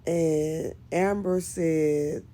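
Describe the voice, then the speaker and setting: A woman's voice: deep voice, steady tone, drawn-out words, warm tone. A woman giving casual commentary on a skit series, emphatic and scolding as she talks straight to one of the characters.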